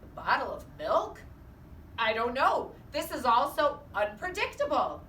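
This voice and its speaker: A woman voicing a flustered, formal older gentleman who speaks slowly and fussily in a storybook read-aloud. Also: high-pitched, very animated, distant mic, pitched above the performer's own voice, full character voice. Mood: fussy. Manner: slow, fussy, formal. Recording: echoey room, off-mic, faint hiss.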